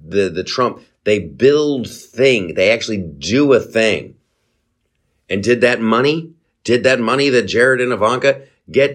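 Animated, rambling male podcast host. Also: fairly low pitch. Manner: animated, rambling, profane, with sarcastic asides. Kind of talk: casual political commentary.

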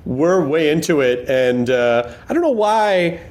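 A male podcast host talking in relaxed, casual chat. He sounds earnest and repeats himself as he thanks listeners. When the talk turns to jokes, he riffs with animated energy. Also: on the high side, measured pace. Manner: earnest, rambling with repeated words; animated riffing, jokey.

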